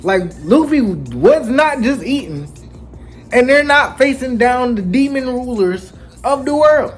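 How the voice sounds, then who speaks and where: A man hosting a casual anime chapter recap, telling it with lively slang and acting out the characters. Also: extremely high pitch, measured pace. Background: faint background music.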